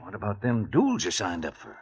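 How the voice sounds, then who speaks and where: An actor playing a rough, coarse henchman who talks in a plotting way, in a 1950s radio drama. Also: fairly low pitch, wildly swooping pitch, brisk, muffled recording, heavily acted. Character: rough male henchman of a villain.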